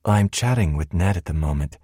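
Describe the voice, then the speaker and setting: A man doing a calm, polite station AI. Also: sits low, unhurried, breathy edge, no echo, clean studio sound. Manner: calm, courteous.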